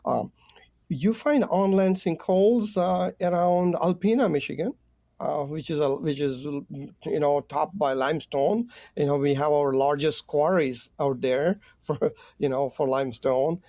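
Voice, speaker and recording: A male professor answers interview questions in an explanatory way, filling pauses with "um" and "uh". His voice is gravelly and warm, a little high for a man. The sound is dry and close. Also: dry recording. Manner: explanatory, with frequent fillers. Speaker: guest researcher, professor.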